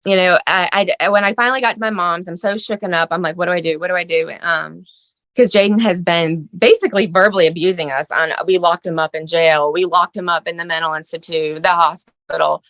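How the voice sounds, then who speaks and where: A middle-aged woman telling the story of her son's crisis as a mother, shaken and halting, with many fillers. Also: lowish voice, steady tone, fairly bright tone, no room sound. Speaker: mother of a teen son. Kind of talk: emotional personal account.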